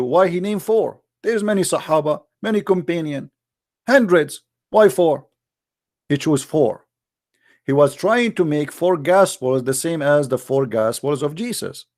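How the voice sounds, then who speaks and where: A man's voice: fairly high pitch, a little mellow. A man hosting a heated call-in debate, arguing hard and repeating his questions over and over. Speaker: debate host.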